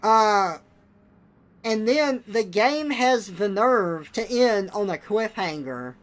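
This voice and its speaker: Speaking slowly but animatedly, a young man on a live stream uses a high, fairly bright voice. His casual rant is blunt and exasperated, with occasional swearing.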